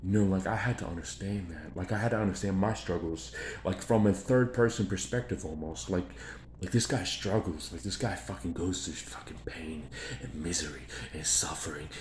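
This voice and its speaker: Deep-voiced man in a profane ramble. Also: normal speed, a little mellow. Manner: profane, repetitive, emphatic. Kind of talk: rambling monologue. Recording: echoey room, faint background noise.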